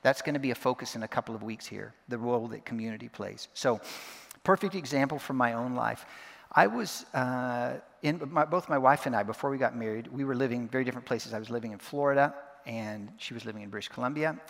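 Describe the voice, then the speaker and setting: A man giving a sermon as a pastor, earnest, repeating verses slowly word by word. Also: mid-range voice, gravelly, a bit bright. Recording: long reverb of a large hall.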